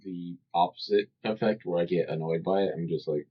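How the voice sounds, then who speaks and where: A man's voice: sits low, fairly even intonation, a little fast, breathy edge. A man co-hosting a podcast in casual chat, laid-back and mostly giving short replies. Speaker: podcast co-host. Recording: dull lo-fi podcast audio.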